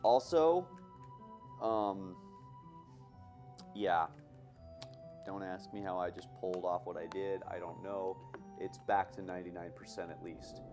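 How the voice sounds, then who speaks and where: Low-voiced guy commentating his game. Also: a little slow, pauses often, over music. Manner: chatty, laughs often, self-mocking. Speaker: game runner at a charity marathon.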